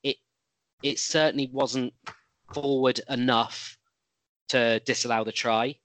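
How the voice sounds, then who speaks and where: A man's voice: mid-range voice, fairly even intonation, slow, a bit bright, no echo. Guy chatting rugby, rambly, restarts a lot, dry close sound. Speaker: podcast co-host. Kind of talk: casual sports chat.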